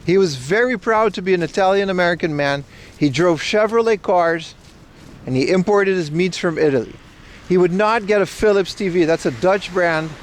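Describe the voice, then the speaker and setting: Speaking high-pitched at a moderate pace, an IRL livestreamer makes his way along outdoor city streets. He chats casually with his chat, rambling and sharing strong opinions.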